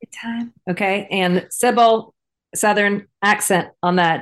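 A woman's voice: mid-range voice, slow. A woman co-hosting a casual recap podcast, chatting in a rambling way with lots of fillers. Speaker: podcast co-host. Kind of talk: casual episode recap chat.

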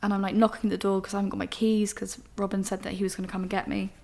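A woman's voice: mid-range voice, flat delivery, very fast, gravelly, dark tone. A young woman, a podcast host candidly telling a personal story in an emotional, rambling way. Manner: emotional, rambling, frank with swearing.

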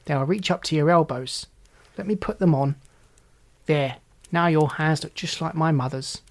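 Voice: medium pitch, moderate pace, natural voice. A storyteller voicing a wild young robber girl in a storybook reading, with blunt, commanding speech. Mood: bossy.

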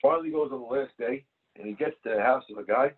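A man's voice: mid-range voice, quick pace, slightly rough. A man teaching a Talmud class. He reads each phrase of the text, translates it, and tells stories to explain it. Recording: tinny phone-like line.

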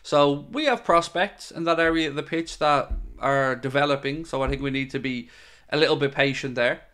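A man's voice: on the high side, moderate pace, a bit bright, clean tone. Chatty Irish man answering his viewers. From Ireland. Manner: chatty and frank, calls viewers mate. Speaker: host of a football fan channel. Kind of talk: live-stream chat answering viewer questions.

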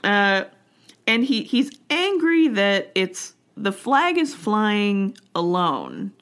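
A woman's voice: mid-range voice, sing-song, slow pace, fairly bright tone. A woman co-hosting a casual talk show, telling a history story in a chatty, wry way, full of fillers and restarts.

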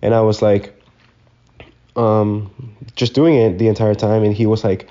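A man's voice: lowish voice, flat delivery, unhurried, dark tone, muffled recording. A young man hosting a podcast alone, telling a story in a rambling, casual way and swearing freely. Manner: rambling, swears freely, loose slangy talk. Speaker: podcast host.

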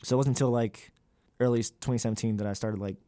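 A man's voice: mid-range voice, fairly even intonation, fast talker, dark tone, dry recording. A young man, a graduate student, talking candidly in an interview, with many fillers and loose, rambling sentences. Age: young adult.

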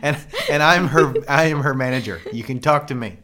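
A man's voice: medium pitch, fairly quick, pushed and bright. A man co-hosting a podcast in casual chat, with a playful, bawdy manner and frequent laughter. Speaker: podcast co-host.

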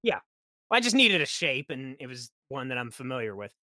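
A man on a podcast chatting as a guest game master, telling lively stories and acting out what his players and characters said. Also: medium pitch, normal speed, dry recording. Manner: lively storyteller who acts out quoted characters. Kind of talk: casual podcast chat.

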